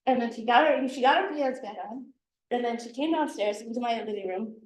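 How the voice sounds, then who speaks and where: A woman's voice: fairly high pitch, quick pace, a little mellow, far from the mic, a little hiss or hum. A woman herbalist from Minnesota giving a casual talk, chatty and laughing often, with many restarts. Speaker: herbalist teacher. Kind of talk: casual talk to a guild audience. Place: room at a guild meeting. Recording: echoey room.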